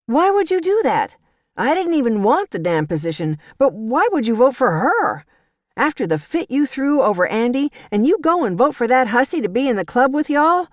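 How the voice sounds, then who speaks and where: A woman narrator puts on a feisty, sharp-tongued woman in an audiobook, scolding in a sassy drawl with her pitch climbing high. The sound is close and dry. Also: sing-song, moderate pace, dry recording. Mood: furious.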